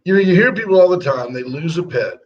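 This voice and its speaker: Man co-host, slightly high voice, casual joking banter, dull lo-fi audio. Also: lively intonation, fast. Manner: chatty, joking, sarcastic asides. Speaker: radio show co-host. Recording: dull lo-fi sound.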